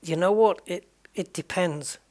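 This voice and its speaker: A man's voice: high voice, unhurried, darkish tone. A man streaming a racing game, musing aloud and chatting to viewers with jokey asides. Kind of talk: casual live-stream chat.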